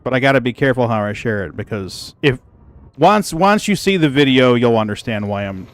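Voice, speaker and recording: A man casually chatting with his stream viewers, telling a story in an animated, profane way and laughing easily. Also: mid-range voice, fairly quick. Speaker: gaming livestreamer.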